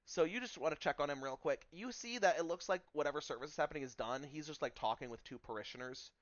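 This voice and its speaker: A man's voice: fairly high pitch, quick pace, no echo, highs cut off. A man narrating a tabletop game as game master, casual and full of fillers.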